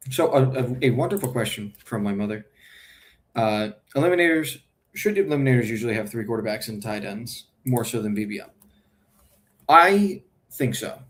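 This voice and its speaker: A man's voice: medium pitch, expressive, moderate pace. A man streaming his fantasy football draft, thinking aloud in a casual, hesitant way and correcting himself as he goes.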